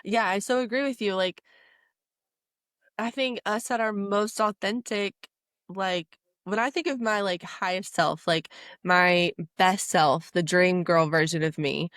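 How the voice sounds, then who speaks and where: A woman's voice: on the low side, fairly bright tone, clean tone, dry recording, studio quality. A woman co-hosting a podcast in casual, enthusiastic chat, with lots of filler words. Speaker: podcast co-host.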